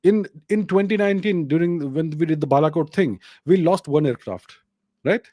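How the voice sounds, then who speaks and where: A man's voice: fairly high pitch, normal speed, mellow, dry recording, studio quality. A man with an Indian English accent, hosting a solo commentary show and answering viewer questions, emphatic and full of rhetorical questions.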